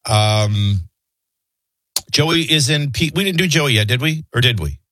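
A man's voice: fairly high pitch, animated, a little fast, sharp tone. A man hosting a talk radio show, stuffy and congested, rambling in a wry, conversational way. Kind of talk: casual talk radio chat.

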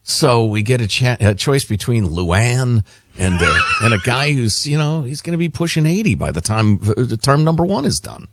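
A man's voice: medium pitch, sing-song, moderate pace, slight background noise. A man co-hosting a political talk show, wry and teasing in casual banter.

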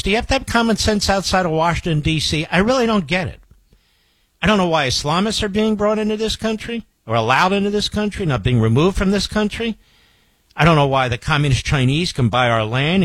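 A man's voice: medium pitch, no echo. A man hosting a political talk radio show, emphatic and combative, firing off rhetorical questions and reading out ad copy. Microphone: studio microphone.

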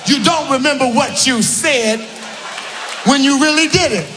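A man doing a stand-up comedy set, exasperated, shouting his punchlines and laughing through them. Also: very high voice, a little slow. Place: comedy club stage. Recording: live club audio with crowd noise. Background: audience laughter.

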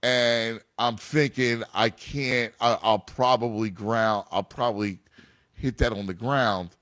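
A man's voice: mid-range voice, steady tone, takes it slowly, fairly bright tone, no room sound, studio quality. A man in a casual chat about his son's baseball, rambling with many restarts. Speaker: youth baseball father and coach.

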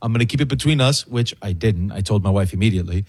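A man in his thirties on a talk show, telling a family story in a laid-back, chuckling way with a husky voice. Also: lowish voice, expressive, fast talker, darkish tone. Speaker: co-host. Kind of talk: casual storytelling banter.

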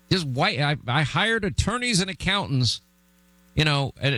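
Animated, blunt male talk show host. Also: on the high side, no echo, low-quality recording. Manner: blunt, animated storytelling with restarts. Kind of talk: opinionated political talk.

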